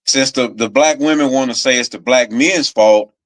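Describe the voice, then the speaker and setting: A man, the co-host, giving his views in a casual chat in a measured, thoughtful way. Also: medium pitch.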